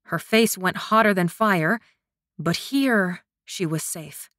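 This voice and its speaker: A woman narrating a romance audiobook in a soft, intimate storytelling manner. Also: lowish voice, slow, no echo, studio quality. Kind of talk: scripted narration.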